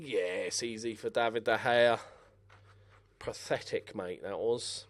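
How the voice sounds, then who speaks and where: A young man casually commentating as he plays a football management game, excitable, swearing and shouting at the players on screen. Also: on the low side, takes it slowly. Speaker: gaming commentator. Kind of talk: casual let's-play commentary.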